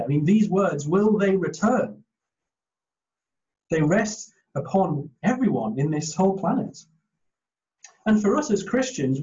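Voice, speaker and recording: A man's voice: high voice, darkish tone, muffled recording. A man preaching a sermon in an earnest, emphatic way, sometimes restarting his phrases.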